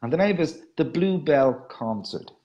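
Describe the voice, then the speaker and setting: A man's voice: fairly high pitch, lively intonation, moderate pace, lo-fi sound. Man reading rhyming verse on the radio. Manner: soft, trailing ends of lines; chatty and self-mocking between readings. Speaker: radio host. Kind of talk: reading rhyming poetry and chatting.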